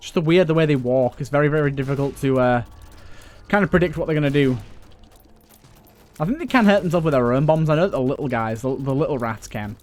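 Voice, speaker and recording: A man's voice: on the high side, fast talker, darkish tone. A young man giving casual, joking commentary while he plays a video game, grumbling and swearing at it. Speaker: let's play gamer.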